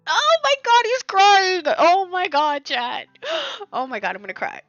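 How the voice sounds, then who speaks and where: A woman streamer reads a story game aloud with emotion, her voice bright and her pace unhurried. The stream audio is a little dull and lo-fi, with faint music playing underneath. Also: extremely high pitch, dry recording. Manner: expressive, emotional reader.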